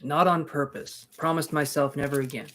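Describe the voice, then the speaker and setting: A man's voice: a little high, steady tone, normal speed, noisy background. A man reads tarot cards live on a stream. He chats casually with his viewers and slips in joking asides between readings. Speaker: tarot reader.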